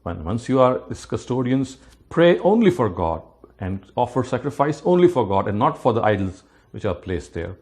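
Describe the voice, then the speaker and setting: A man teaching scripture, explaining word meanings methodically, with frequent restarts and rapid recitation of verses. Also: medium pitch, sing-song, a little mellow. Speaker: religious teacher.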